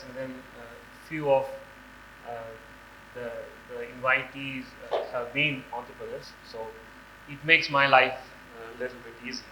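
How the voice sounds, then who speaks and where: Hoarse man giving a stage talk. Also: on the high side, sharp tone, roomy sound, a little hiss or hum, poor audio. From India. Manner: halting, many fillers and restarts. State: hoarse from a cold. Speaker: guest speaker. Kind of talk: conference talk. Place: large hall on stage.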